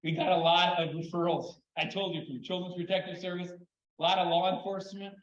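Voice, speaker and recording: Lively older man speaking in a hall. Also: sits high, a little fast. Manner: expressive, repeats words when excited. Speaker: conference speaker. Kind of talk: animated storytelling talk. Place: conference hall. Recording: echoey, dull hall recording.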